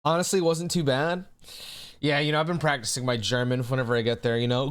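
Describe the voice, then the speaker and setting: A young man talks loosely on a livestream, answering his chat. He swears freely and laughs often, in an easygoing, middle-pitched voice. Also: fairly quick. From United States. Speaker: streamer. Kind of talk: casual livestream chat, reading chat aloud.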